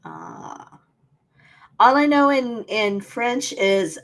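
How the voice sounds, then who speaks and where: A woman's voice: medium pitch, big pitch swings, slow pace, a bit bright. A woman co-hosting a casual podcast, chatting and telling stories. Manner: chatty, storytelling. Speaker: podcast co-host.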